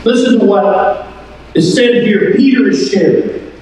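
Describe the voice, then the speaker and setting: A man preaching a sermon at an unhurried pace, stretching out key phrases and urging his congregation to listen. His voice sits very high. It is heard from a distance in a large, long-ringing church hall. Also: a little mellow, a little hiss or hum. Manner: emphatic preaching, drawn-out phrases, calls to the congregation. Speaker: pastor. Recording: echoey hall from far off.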